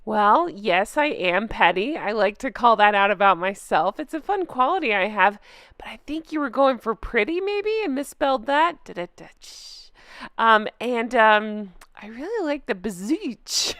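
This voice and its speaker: A woman's voice: fairly high pitch, lively intonation, unhurried, fairly bright tone, no room sound, studio quality. A woman hosting her own online channel, reading comments aloud in a casual, sarcastic way and laughing often. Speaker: YouTube commentary host.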